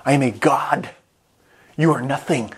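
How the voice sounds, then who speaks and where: A man's voice: medium pitch, unhurried, slightly rough. A man voicing an arrogant male villain who thinks himself a god, in a haughty, dismissive manner. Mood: contemptuous.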